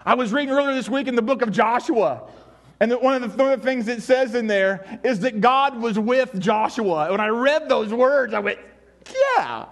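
A man preaching a sermon as pastor, animated, acting out voices and shouting at times for emphasis. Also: very high-pitched, normal speed.

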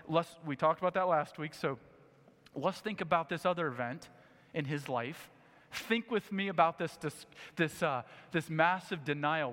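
A man preaching a sermon, animated and acting out the scripture stories as he goes. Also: a little high. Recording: echoey hall with long reverb.

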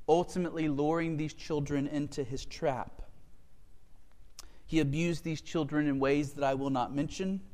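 A man's voice: fairly high pitch, long reverb tail. A man preaching a sermon and reading scripture in an earnest, emotional way. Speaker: pastor.

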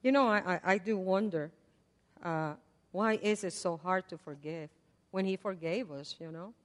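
An older woman preaching a sermon in a conversational way. She swings between loud repeated prayers and soft asides. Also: lowish voice, normal speed. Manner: conversational, with fillers and laughs. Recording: long hall reverb.

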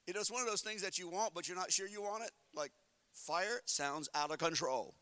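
A male pastor delivers an animated sermon, his high, piercing voice swinging from hushed asides to shouted peaks. He slips into funny stories, acting out the inner voices of his listeners. The sound is close and dry. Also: brisk, dry recording. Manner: humorous storytelling with acted-out inner voices.

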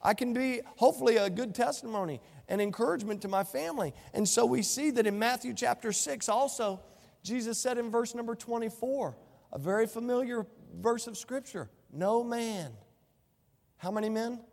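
A man's voice: extremely high pitch, moderate pace, gravelly, darkish tone, big-room sound. A male pastor preaching a sermon, quoting scripture and asking the congregation rhetorical questions.

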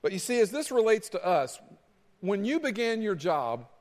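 A male pastor preaching a sermon as relaxed, lively storytelling with acted asides. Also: high voice, normal speed, in a large hall.

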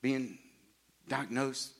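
A man preaching, telling his testimony as an excitable storyteller who rises to near shouts. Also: medium pitch, very slow, vocal fry. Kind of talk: animated sermon testimony.

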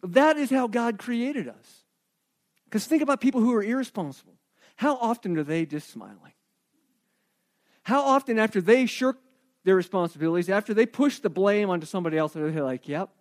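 A man preaching a sermon with animated storytelling, emphatic delivery and rhetorical questions. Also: high voice, moderate pace. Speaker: pastor.

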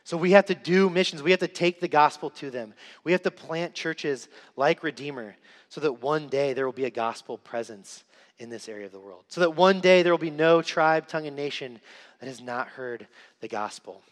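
Earnest young preacher in a reverberant hall. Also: male voice, on the high side, moderate pace. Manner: earnest storytelling with emphatic repetition. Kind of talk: sermon. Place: church sanctuary.

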